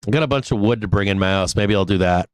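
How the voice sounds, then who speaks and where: Man hosting a trading stream, low voice, dry sound, swearing and venting, bursts of laughter. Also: fast, clean tone, no room sound. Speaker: livestream trading show host. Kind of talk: live stream talk.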